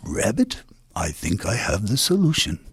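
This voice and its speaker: A man voicing a sly, scheming male coyote in a folk tale, speaking low, slow and half-whispered. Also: huge pitch swings, creaky, breathy edge, no echo, exaggerated voice.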